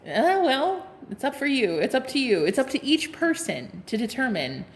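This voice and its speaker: A woman's voice: a little high, very animated, a little fast, slight background noise. A woman giving a casual tarot reading to her viewers, sassy and playful, laughing often, swearing and calling them honey. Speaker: tarot card reader.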